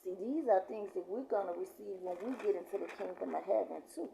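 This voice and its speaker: A woman reading scripture slowly and with emphasis, then adding loose, conversational commentary. She often clears her throat. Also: medium pitch, mellow, highs cut off. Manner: reads verses slowly and emphatically, then talks in loose asides. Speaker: prophetess.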